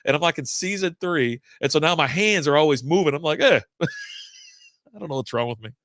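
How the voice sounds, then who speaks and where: A man's voice: on the high side, animated, normal speed, a bit bright, dry recording. A middle-aged man hosting a beer podcast live stream, chatting in a rambling, laid-back way and often correcting himself. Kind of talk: casual live-stream chat.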